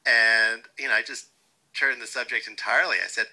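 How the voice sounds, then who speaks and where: An older man being interviewed, telling wry, lively stories and quoting people along the way. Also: mid-range voice, a little fast, rough recording. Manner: wry, animated anecdotes with quoted voices. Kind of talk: storytelling interview.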